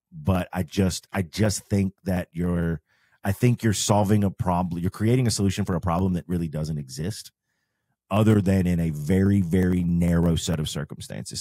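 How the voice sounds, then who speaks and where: Low-voiced guy chatting about jeep parts, mellow tone, explains stuff step by step. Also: moderate pace, dry recording, studio quality. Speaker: podcast host and off-road shop owner. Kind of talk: casual advice chat.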